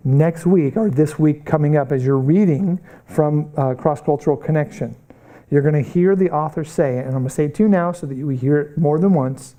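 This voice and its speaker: A man's voice: fairly high pitch, brisk, mellow. A middle-aged man teaching a Bible college missions class, preaching earnestly with rhetorical questions and bursts of urgency. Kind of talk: classroom lecture.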